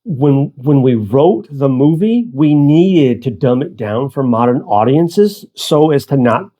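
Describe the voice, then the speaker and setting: Male co-host, relaxed and profane, very animated pitch. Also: takes it slowly, highs cut off. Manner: laid-back, swears casually. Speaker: movie review co-host. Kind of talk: casual chat.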